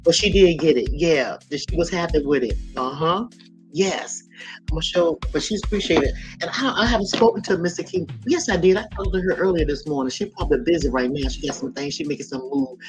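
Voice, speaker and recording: A woman hosting a casual livestream, telling lively, laughing stories and reading out viewers' comments. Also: lowish voice, brisk, over music. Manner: lively, laughing storyteller, talks straight to viewers. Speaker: livestream host. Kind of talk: casual storytelling and chat reading.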